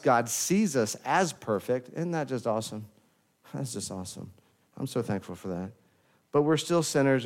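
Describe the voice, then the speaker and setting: A man's voice: lowish voice, darkish tone. A man preaching a sermon, earnest and repetitive, often quoting prayers aloud. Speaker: pastor.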